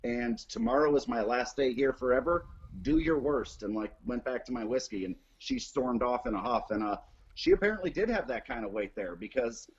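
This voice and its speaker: A man's voice: normal speed, slightly rough. A man hosting a live show, casually telling a story and acting out the quotes with big jumps in his voice. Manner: animated, acts out quotes with big pitch jumps, swears freely. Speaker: host. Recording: dull lo-fi sound.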